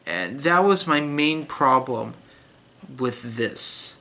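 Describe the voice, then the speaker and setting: A man's voice: medium pitch, very animated, takes it slowly, sharp tone. Blunt young man reviewing a book. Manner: blunt, critical, with frequent fillers and restarts. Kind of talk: casual spoken review.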